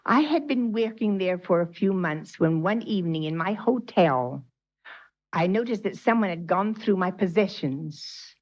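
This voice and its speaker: A woman's voice: mid-range voice, animated, a little slow, darkish tone. A woman, a spiritual teacher, reads a story aloud to her class and breaks off to quiz her listeners. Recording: dull lo-fi 1980s tape.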